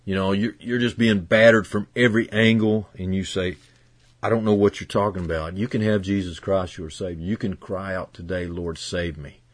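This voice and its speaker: Low-voiced, fervent male preacher. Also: fairly even intonation, moderate pace, no room sound. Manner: earnest preaching that swings from hushed to loud and emphatic. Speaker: pastor. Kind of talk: sermon.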